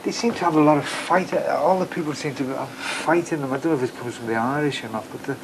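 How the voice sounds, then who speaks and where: An older man with a Liverpool accent, a retired boxer speaking in a documentary interview, halting and repeating his words as he goes. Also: fairly high pitch, gravelly, noisy background. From Liverpool, England. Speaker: retired boxer and cafe owner.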